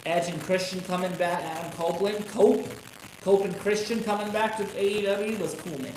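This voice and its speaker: Profane, excitable man ranting in an echoey room. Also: high-pitched, fairly quick. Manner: profane, rambling, excitable outbursts. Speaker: wrestling commentary streamer. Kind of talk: casual live stream rant. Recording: echoey room with noisy background.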